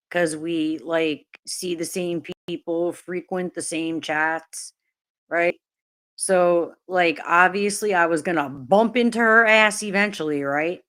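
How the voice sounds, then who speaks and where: A woman's voice: lowish voice, fairly bright tone. A woman live-streaming, talking casually to her chat, laughing often and swearing freely. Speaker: livestreamer.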